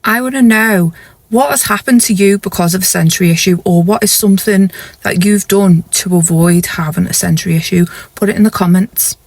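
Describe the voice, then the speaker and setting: A woman's voice: mid-range voice, fairly quick, a little mellow. A woman, telling a personal story to camera in a rambling, confessional way with frequent restarts. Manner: rambling, self-correcting, confessional. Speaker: vlogger.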